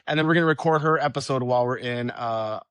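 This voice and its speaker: A man's voice: mid-range voice, quick pace, a bit bright, clear, resonant tone, dry recording. A man hosting a podcast in casual chat, joking and teasing his guest in self-deprecating banter. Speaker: podcast host.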